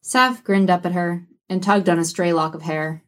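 A woman narrating an audiobook in a lowish voice. She tells the story with a wry, even delivery. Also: moderate pace.

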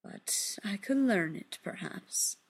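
A woman voicing an ancient, lonely witch who speaks tersely and slowly in a storybook reading. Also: mid-range voice, lively intonation, breathy edge, exaggerated voice. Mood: knowing.

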